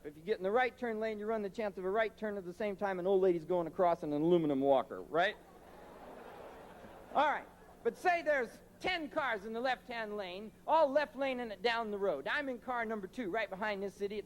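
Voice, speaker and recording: A stand-up comedian with a strikingly high voice works a concert crowd in brash, profane rants. The live recording carries clear audience noise under his voice.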